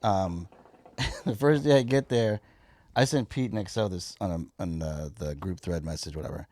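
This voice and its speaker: A man with a Chicago accent telling a profane work story in a casual, animated way and acting out both sides. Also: deep voice, normal speed, no room sound, clean studio sound. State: high. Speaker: comedian guest.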